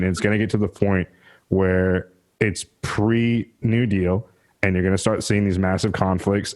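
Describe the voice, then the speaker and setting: A Southern man hosting a casual political podcast, his voice sitting a little low. He rambles and swears freely, circling back on his words as he gets worked up. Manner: rambling, profane, animated. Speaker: podcast host.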